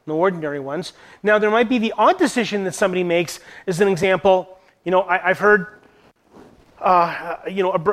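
A man's voice: high-pitched, fairly bright tone. A man giving an earnest Bible teaching to church leaders, posing rhetorical questions as he goes. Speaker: Christian teacher.

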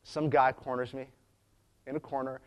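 This preacher has a medium-pitched, clean voice with flat delivery at a normal speed. His conversational sermon unfolds as chatty storytelling full of restarts and side remarks.

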